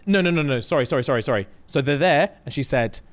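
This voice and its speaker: A man's voice: a little high, fast talker. A man co-hosting a podcast, retelling a show in casual chat and acting out the quotes. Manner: animated storytelling, acting out quotes. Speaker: podcast co-host.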